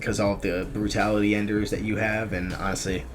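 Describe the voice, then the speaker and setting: A man's voice: lowish voice, little pitch movement, fairly quick. A young man giving casual, chatty commentary for his gaming channel, full of ums and restarts as he ranks characters. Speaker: gaming YouTuber. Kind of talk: casual commentary on a fighting game tier list. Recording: faint music behind the voice.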